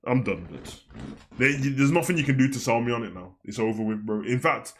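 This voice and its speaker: This young man's pitch is medium and his delivery a little fast as he chats through a wrestling show review live. He's slangy and lively, bursting out loudly one moment and muttering asides the next.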